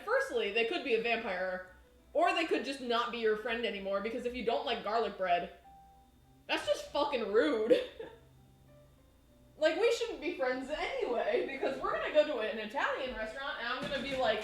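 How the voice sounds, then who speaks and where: A woman's voice: sits high, expressive, fairly quick, faint music behind. A woman chatting casually on a live cooking stream in her home kitchen, rambling and laughing often. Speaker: baking streamer. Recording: echoey room.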